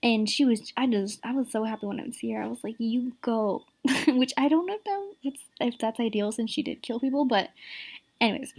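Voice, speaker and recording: Woman, native Spanish speaker, casual reviewer, exasperated rant, slightly high voice. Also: a little mellow. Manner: exasperated, rapid, repeats "like" and "the thing is". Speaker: show reviewer.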